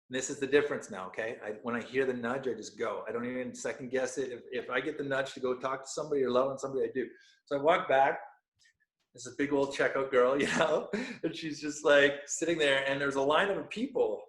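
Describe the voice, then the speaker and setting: A man in the middle of an animated personal story, his voice sitting at an ordinary middle pitch while a roomy echo hangs around it. He laughs often and sinks into a soft, hushed delivery whenever he quotes someone. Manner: animated, laughing, drops to hushed tones when quoting. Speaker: podcast guest.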